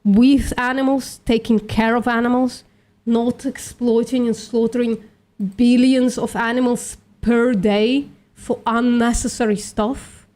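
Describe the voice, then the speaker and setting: A woman's voice: a little high, little pitch movement, a little slow, darkish tone. A woman hosting a live stream, debating bluntly and swearing, calling people sweetie. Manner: blunt, argumentative, swears, calls others sweetie. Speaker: streamer, vegan activist.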